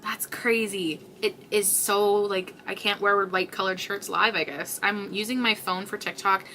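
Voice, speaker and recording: A woman's voice: mid-range voice, fairly even intonation, a little slow, bright, forceful tone, a little hiss or hum. Tired, chatty woman on a crochet livestream. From Canada. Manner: chatty, rambling, many fillers, reads out viewer comments. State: tired and yawning. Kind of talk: casual livestream chat.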